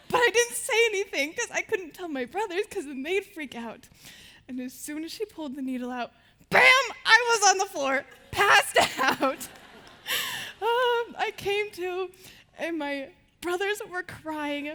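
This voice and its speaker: A teenage girl speaks to a live audience from a stage in a high voice. Her tone is bright and lively, and she tells her stories in a bubbly way, laughing now and then. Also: unhurried. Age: teens. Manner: bubbly storytelling, laughs between lines.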